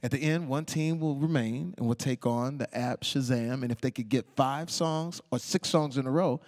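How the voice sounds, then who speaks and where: A man telling animated stories as the guest of a live stage interview, acting out the people he quotes. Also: mid-range voice, normal speed. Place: onstage talk before a live audience.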